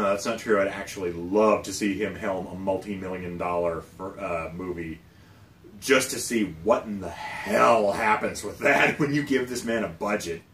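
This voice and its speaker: A man co-hosting a casual chat about movies, animated and swearing, pushing his voice up for emphasis. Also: fairly low pitch. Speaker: co-host. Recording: roomy sound from a distant mic, faint noise.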